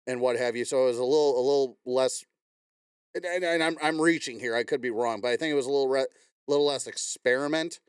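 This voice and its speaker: A young man co-hosting a casual podcast chat. He cracks quick jokes and sometimes restarts his sentences. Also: medium pitch, clear, resonant tone, no room sound, clean studio sound. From Indiana, USA. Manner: joking, quick quips, some restarts. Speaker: podcast co-host.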